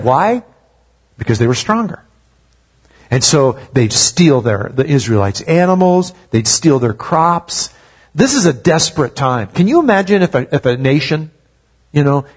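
Husky-voiced man preaching conversationally. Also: mid-range voice, a little mellow. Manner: conversational preaching with rhetorical questions. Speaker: pastor. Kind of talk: sermon.

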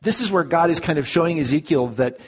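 A man preaching a sermon in a conversational, animated way, often restarting his words. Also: on the high side, fast, slightly rough. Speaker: pastor. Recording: muffled echoey hall.

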